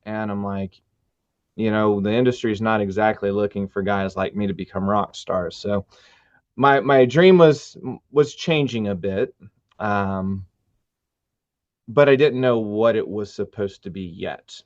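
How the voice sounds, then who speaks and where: A middle-aged man, a musician guest, telling his story with earnest, animated retellings in a casual interview. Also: lowish voice, a little slow, no echo. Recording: dull dry sound.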